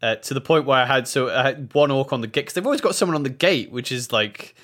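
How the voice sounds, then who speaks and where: A young man co-hosting a podcast, telling an animated story in casual chat. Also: mid-range voice, quick pace. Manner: animated storytelling, acts out quoted voices. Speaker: podcast co-host.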